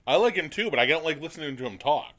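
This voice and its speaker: A man's voice: a little high, expressive, quick pace, fairly bright tone. A man co-hosting a podcast, giving opinions in rambling casual chat. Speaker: podcast co-host.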